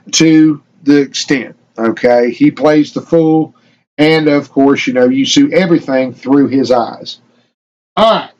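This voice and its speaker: Male streamer, fairly high voice, loose and rambling, reads lore aloud, peppers talk with "okay?", swears casually. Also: rough recording. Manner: rambling, keeps asking "okay?". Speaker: streamer discussing tabletop game lore.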